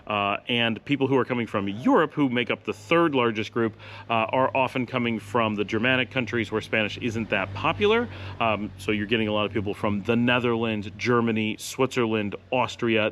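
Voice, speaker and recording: A man's voice: medium pitch, fairly bright tone. A man talking to camera in a casual vlog from his home office, answering viewer questions in a rambling, chatty way with dry sarcastic asides.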